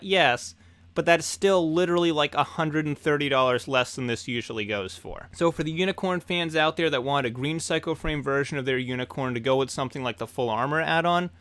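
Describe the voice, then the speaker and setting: Young man, hobby news host, excitable and enthusiastic, dry close sound. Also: a little high, no echo.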